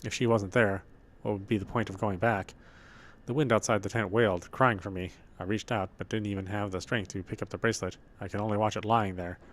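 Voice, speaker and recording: Man streamer, lowish voice, reads game narration aloud with feeling. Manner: reads slowly with feeling, stumbles and restarts. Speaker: gameplay streamer. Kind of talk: reading game story text aloud.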